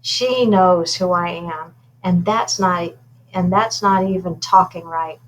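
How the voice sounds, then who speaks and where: A woman reading aloud, voicing a cheerful, determined mother who chats brightly with her daughter. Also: fairly low pitch, steady tone, slow, poor audio. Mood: conspiratorial.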